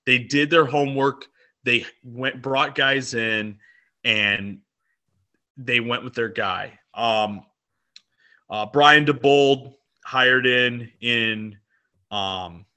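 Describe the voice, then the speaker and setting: Bright-voiced man chatting on a podcast. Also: medium pitch, drawn-out words. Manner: enthusiastic, rambling with fillers. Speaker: podcast co-host. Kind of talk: casual sports podcast chat.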